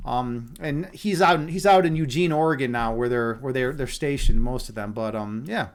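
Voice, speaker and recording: A man's voice: medium pitch, normal speed. A man hosting a live stream from home, chatting casually and playfully, rambling with many restarts as he talks to viewers. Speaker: livestream meditation host. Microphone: webcam.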